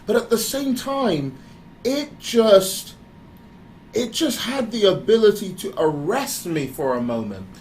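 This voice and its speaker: A man giving a candid motivational talk, animated and confessional, often breaking into laughter. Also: sits high, takes it slowly, slight background noise, rough recording. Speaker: speaker.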